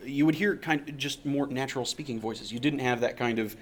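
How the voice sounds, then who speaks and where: A man's voice: mid-range voice, fairly quick, slight background noise. A man interviewing a guest in a conversational, admiring way. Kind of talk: interview questions.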